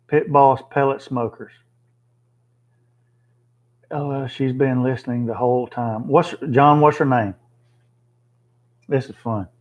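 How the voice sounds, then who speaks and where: A man hosts an easygoing livestream, reading viewer comments and talking plainly as he thinks aloud with fillers. His mid-range voice keeps a fairly even intonation, slow and full of pauses, and the recording's highs are cut off.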